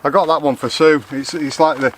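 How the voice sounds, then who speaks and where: A man talks his way through an outdoor vlog in a loose, rambling manner, often restarting his sentences. His voice sits a touch on the high side. A faint hiss of outdoor noise runs behind him. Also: fairly even intonation, fairly quick, fairly bright tone. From Lancashire, England. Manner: rambling, chatty, self-correcting. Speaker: vlogger. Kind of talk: casual outdoor vlog chat. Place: outdoors in a garden.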